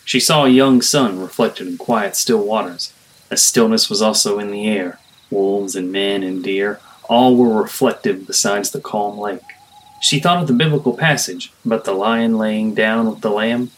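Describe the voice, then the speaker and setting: A man reads a story aloud in a low-set voice. His delivery is calm and measured, in the manner of a literary narration. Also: rough recording. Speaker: reader, narrator.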